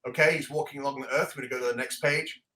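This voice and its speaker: Excitable, laughing man in an echoey room. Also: medium pitch, rapid-fire. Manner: excitable, laughing often, reads dialogue aloud. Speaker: comic book show host. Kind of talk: casual podcast chat walking through comic pages.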